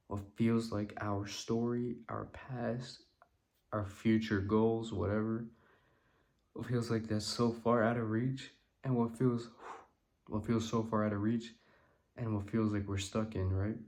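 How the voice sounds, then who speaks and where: Slow, flat-voiced tired man. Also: on the low side, creaky. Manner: loose and rambling, repeats "right?", slows down for emphasis. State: tired and yawning. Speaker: creator talking about manifestation. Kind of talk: casual spiritual talk to camera.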